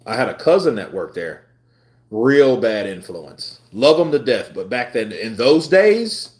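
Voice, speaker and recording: This young man in his twenties has a lively pitch and an unhurried delivery. As a livestream host, he offers casual commentary and storytelling, staying laid-back, laughing often, and wandering through rambling anecdotes.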